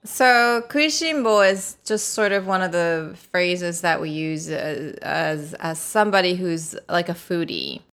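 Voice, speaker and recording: Lower-voiced woman explaining words. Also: a little slow, hardly any pauses, a bit bright. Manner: explains words step by step, patient and chatty. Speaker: podcast co-host and Japanese teacher. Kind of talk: casual language-lesson chat.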